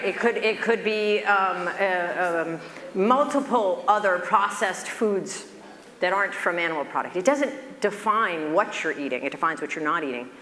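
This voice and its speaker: Woman doctor giving a keynote, mid-range voice, lively storytelling, reverberant lecture hall with faint room noise. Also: medium pitch. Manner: conversational lecturing with animated, expressive storytelling. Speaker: physician giving a conference keynote. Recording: echoey hall with long reverb, faint ambience.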